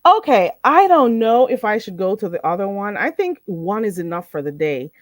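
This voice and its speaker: Lively Jamaican woman streamer. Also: medium pitch, no room sound, studio quality. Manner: animated, laughs often, drawn-out slow phrases when teaching. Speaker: streamer teaching Jamaican Patois. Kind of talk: casual live-stream lesson. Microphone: streaming setup microphone.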